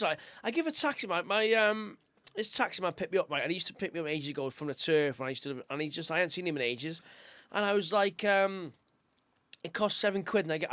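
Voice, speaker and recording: Chatty high-voiced man. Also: sharp tone, dry recording. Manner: chatty and emotional, calls everyone mate. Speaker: co-host, youth football coach. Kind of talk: casual live-stream chat.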